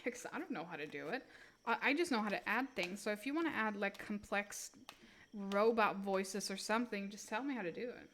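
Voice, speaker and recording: A young woman chatting casually with her chat while reading tarot on a live stream, relaxed and swearing offhand. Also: medium pitch, brisk, slight background noise.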